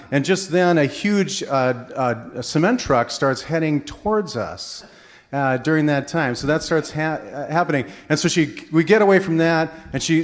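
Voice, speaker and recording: A man from Minnesota telling a string of anecdotes to an audience, animated and full of fillers and restarts. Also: a little high, normal speed. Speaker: speaker at a faith-based presentation. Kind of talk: storytelling talk to an audience.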